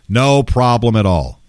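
A man's voice: mid-range voice, darkish tone, no echo, clean studio sound. A male voice-over artist telling a casual story in a wry, conversational way, with some salty language.

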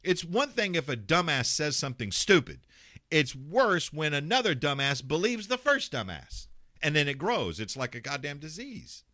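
A man rants on his talk radio show, blunt and sarcastic and quick to swear. His pitch rises and falls a lot. The sound is dry and close, with no room around him. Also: big pitch swings, sharp tone, dry recording. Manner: mocks callers in put-on voices. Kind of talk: ranting talk radio monologue.

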